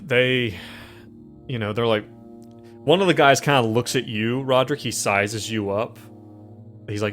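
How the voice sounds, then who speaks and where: A man's voice: medium pitch, unhurried, pauses often, fairly bright tone, faint music behind. A man narrating as game master of a tabletop horror game, in a rambling way with many fillers.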